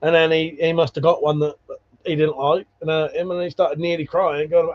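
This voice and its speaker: A man's voice: on the high side, level tone, moderate pace. A man hosting a casual livestream, chatting with viewers and telling rambling stories full of swearing and laughs. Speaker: livestream host. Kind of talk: casual livestream chat reading viewer comments. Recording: dull lo-fi stream audio.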